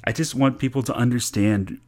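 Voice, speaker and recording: A man from Florida half-raps in loose rhymes, then drifts into relaxed, rambling talk. His sentences trail off and restart, with small laughs between thoughts. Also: medium pitch, normal speed. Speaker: contributor rapping about his day. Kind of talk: casual rap and chat.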